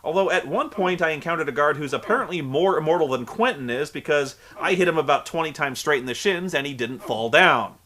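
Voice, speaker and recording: A man's voice: fairly high pitch, brisk, hardly any pauses, bright, forceful tone. A man giving a comedic video game review, sarcastic, exasperated and profane.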